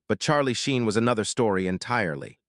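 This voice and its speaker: A man reading scripted narration in an even, matter-of-fact way. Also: lowish voice, fast talker, no echo.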